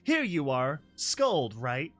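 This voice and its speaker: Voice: mid-range voice, sing-song, slow, soft background music. A narrator voicing a cruel, mocking nightmare monster mare from a storybook. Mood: gloating. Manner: mocking, menacing.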